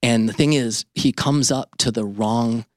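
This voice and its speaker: A middle-aged man, an entrepreneur and podcast host, telling a lively anecdote in an interview and often checking in with "right?". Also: mid-range voice, unhurried, no echo, clean studio sound.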